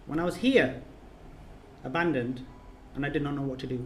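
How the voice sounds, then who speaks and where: Speaking in an echoey reception room of a residence with faint ambience, this man is a course trainer giving an emotional closing speech. He sounds earnest and emphatic, repeating himself often. His voice is a little high and moderately paced, with a little hiss or hum.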